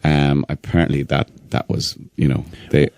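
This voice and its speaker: A middle-aged actor, a guest on a radio show, answering questions softly with hesitant restarts. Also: male voice, a bass voice, completely flat delivery, moderate pace, creaky, clean tone, no echo, studio quality. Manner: soft-spoken, hesitant, many restarts. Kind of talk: radio interview chat. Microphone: studio microphone.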